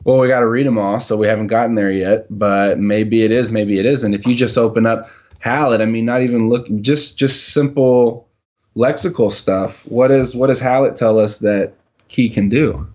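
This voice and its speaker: A man's voice: mid-range voice, steady tone, normal speed, darkish tone, lo-fi sound. A man teaching a Hebrew text in casual dialogue, asking pointed questions and correcting terms with dry jokes. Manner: questioning, exacting, jokey. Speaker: teacher leading a Hebrew reading session.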